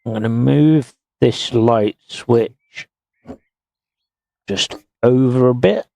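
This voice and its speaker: Male streamer, very slow and gravelly, thinking aloud over gameplay, dry close sound. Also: mid-range voice, dark tone, dry recording. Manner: slow, muttering to himself while working. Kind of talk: casual gameplay commentary.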